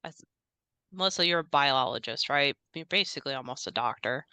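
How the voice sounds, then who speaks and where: A woman's voice: a bass voice, animated, fairly quick, bright, forceful tone, clean tone, dry recording. A woman running a tabletop role-playing game and asking players questions.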